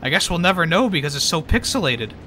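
High, lively joking male streamer. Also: fast, slight background noise. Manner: joking, laughs often, swears. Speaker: streamer playing a war game. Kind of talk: casual gameplay commentary.

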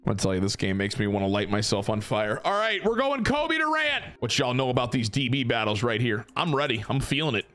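A young man giving casual, excitable gameplay commentary, swearing and mocking himself as he plays. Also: medium pitch, brisk, hardly any pauses, faint music behind. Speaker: gaming YouTuber.

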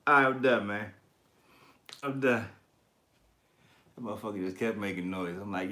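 A man's voice: lowish voice, measured pace, pauses often, a bit bright. A man hosting a collectibles channel, chatting casually on a livestream and reading viewer comments. His talk is slangy and profane, and he laughs often.

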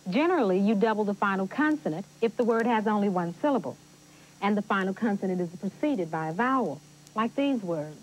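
A woman's voice: medium pitch, expressive, brisk, a little hiss or hum, lightly acted, poor audio. An actress playing a patient woman tutor who explains spelling rules in a scripted educational TV lesson. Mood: explaining. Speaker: teacher.

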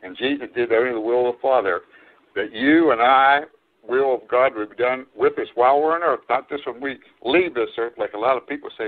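A man preaches a sermon in an easygoing, conversational manner, circling back over his own phrases and calling out to his listeners as folks. His voice sits at an ordinary middle pitch. The sound is thin and narrow, like a voice coming down a telephone line. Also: a little fast. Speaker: pastor. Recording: phone-like narrow-band stream audio.

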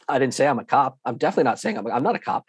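A man giving an online lesson with slides, talking in a lively, emphatic way, acting out airline staff and repeating himself for emphasis. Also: medium pitch, racing, slightly rough, dry recording. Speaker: guest instructor.

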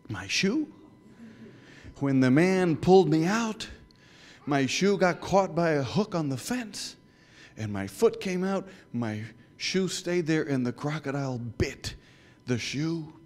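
A man telling a story to children in church, animated, asking the listeners questions and dropping to whispers. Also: a little high, slow pace, long pauses. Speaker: guest speaker.

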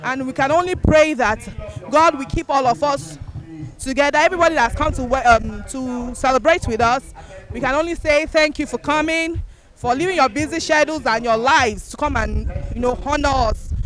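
A woman, the celebrant's daughter, giving a gracious, slightly halting thank-you speech to guests. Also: sits high, fairly bright tone.

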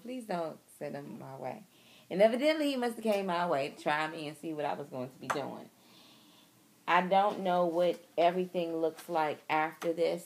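A young woman, talking candidly and emotionally to her viewers in a personal video diary, recorded outdoors. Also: lowish voice. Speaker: vlogger.

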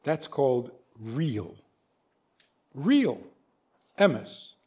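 Animated older rabbi telling a story. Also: male voice, medium pitch, very slow, slightly rough. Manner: animated storyteller, acts out both sides of dialogues. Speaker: rabbi lecturer. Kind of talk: storytelling lecture. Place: synagogue hall.

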